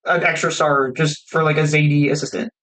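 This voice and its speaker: A man's voice: a little high, flat delivery, brisk, a bit bright, rough recording. A young man co-hosting a casual film podcast, teasing and exasperated in banter. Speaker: podcast co-host. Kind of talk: casual film-review chat.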